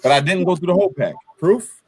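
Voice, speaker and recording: A man's voice: high voice, fast talker, darkish tone. Angry ranting man. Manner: swearing, worked up and ranting. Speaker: show host. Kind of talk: heated political chat.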